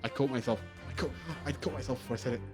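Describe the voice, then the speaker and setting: A man's voice: mid-range voice, fairly even intonation, rapid-fire. Chatty man streaming a game. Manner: chatty, thinking aloud, self-mocking. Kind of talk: game playthrough with commentary. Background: game music.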